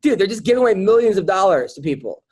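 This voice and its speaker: A man with a high-pitched voice hosts a loose, casual podcast chat. He rambles through his stories, stopping and restarting his sentences as he goes. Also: big pitch swings, fast, darkish tone, husky. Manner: rambling storyteller with many restarts. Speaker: podcast host.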